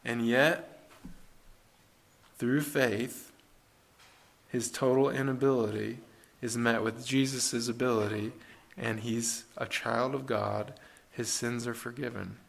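A man's voice: mid-range voice, steady tone, takes it slowly, creaky. Earnest man preaching conversationally. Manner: earnest, conversational, with restarts and rhetorical questions. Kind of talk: sermon.

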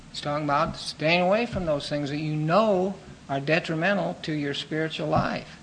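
A man preaching a sermon in an earnest, measured teaching manner, pausing with fillers and restarting phrases. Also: on the high side, creaky, fairly bright tone, a little hiss or hum, rough recording.

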